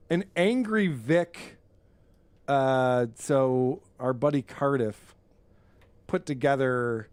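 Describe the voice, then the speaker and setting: Excitable male podcast host, animated and dry-miked. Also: medium pitch, dry recording. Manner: excitable, laughing, swearing. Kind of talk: casual chat.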